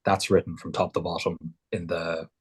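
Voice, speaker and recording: Man podcast co-host, low and breathy, measured and reflective. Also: little pitch movement. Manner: thoughtful, measured, with many ums. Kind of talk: casual chat.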